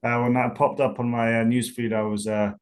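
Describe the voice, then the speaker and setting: A man's voice: mid-range voice, little pitch movement, a little fast. A young man with a Scottish accent, a football punter talking casually as a guest in an interview and rambling through many fillers and restarts.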